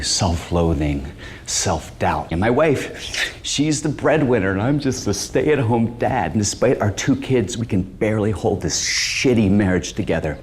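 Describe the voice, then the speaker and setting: An actor playing a washed-up, anxious middle-aged stand-up comic who talks in a halting, stammering, self-deprecating way. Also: male voice, low-pitched, a little hiss or hum, close to an everyday voice. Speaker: stand-up comic pitching a show.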